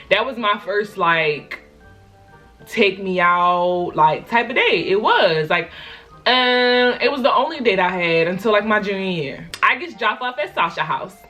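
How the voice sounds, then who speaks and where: A young woman from Baltimore, a vlogger telling a story in a lively, slangy and dramatic way. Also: medium pitch. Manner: animated, slangy, dramatic retelling. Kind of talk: casual storytime.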